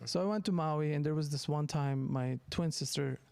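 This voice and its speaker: Gravelly comedian, slightly high. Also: male voice, moderate pace, darkish tone, no room sound. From Turkey. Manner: rambling, self-deprecating storyteller with frequent restarts and laughs. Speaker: comedian guest. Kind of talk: casual podcast chat.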